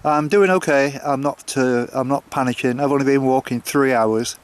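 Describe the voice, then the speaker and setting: A walking vlogger strolls a coastal path chatting casually to the camera, hesitant and full of fillers and restarts. His voice is medium-pitched at a normal speed.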